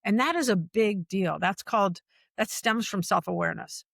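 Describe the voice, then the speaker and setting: Animated, emphatic woman on a dry podcast mic. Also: medium pitch, moderate pace, gravelly, no echo. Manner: animated, emphatic, repeats phrases for stress. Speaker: guest, workplace culture executive. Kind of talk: conversational podcast interview.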